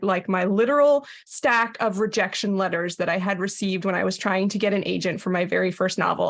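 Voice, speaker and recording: A woman giving a writing presentation over a video call, upbeat and clear with occasional fillers. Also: mid-range voice, a bit bright. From United States. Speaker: writing teacher and guest presenter. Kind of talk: webcast presentation.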